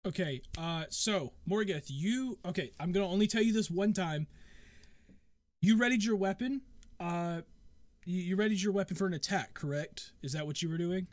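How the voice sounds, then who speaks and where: A man's voice: high voice, normal speed. A man narrating as game master of a tabletop game, in a casual, rambling way.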